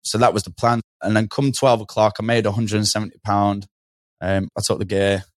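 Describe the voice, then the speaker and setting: A man's voice: lowish voice, flat delivery, brisk, no room sound, studio quality. A man, a podcast guest telling a story in a casual, slangy way and acting out the voices of people he quotes.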